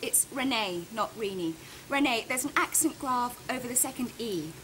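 A woman's voice: on the high side, normal speed, bright, forceful tone, slight background noise, low-quality recording. A young woman playing a spoiled, prim newcomer to a kitchen in a sitcom. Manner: prim, posh and airy. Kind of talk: sitcom acting.

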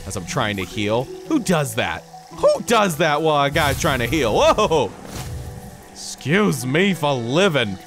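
A young man giving casual, goofy let's play commentary, excitedly talking to the game's characters. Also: a little high, measured pace. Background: game music.

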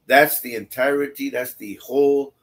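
A man's voice: medium pitch, steady tone, moderate pace, a bit bright. A man teaching a Bible study, reading scripture aloud and breaking off into blunt, conversational asides that repeat phrases for emphasis. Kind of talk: scripture reading with casual commentary.

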